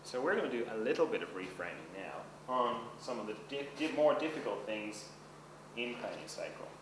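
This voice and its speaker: A man teaches a seminar in a casual, chatty way, often asking his class if they follow. He is recorded from a distance in a roomy hall, and steady background noise runs under his voice. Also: medium pitch, brisk. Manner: conversational, checks in with the class often. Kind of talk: seminar lecture. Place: seminar room.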